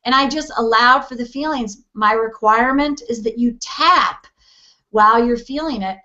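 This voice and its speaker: A woman guest in a casual interview, an EFT practitioner, talks animatedly and acts out quoted voices with easy laughs. Her voice sits on the high side at a moderate pace, sounding pushed and bright, with the highs cut off.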